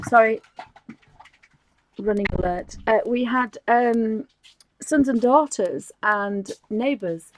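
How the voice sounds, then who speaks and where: A woman's voice: fairly high pitch, no room sound. A middle-aged woman from England chatting casually while she colours on a live stream, rambling with restarts and light laughs.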